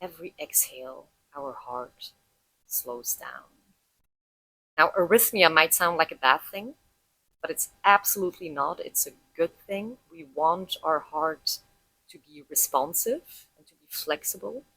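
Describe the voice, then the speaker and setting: A woman with a fairly low voice guides listeners through a breathing exercise, explaining clearly and calmly. The sound is dry and close, with no room around it. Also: measured pace, no room sound, rough recording. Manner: calm, explanatory, guiding listeners step by step. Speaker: breathwork instructor.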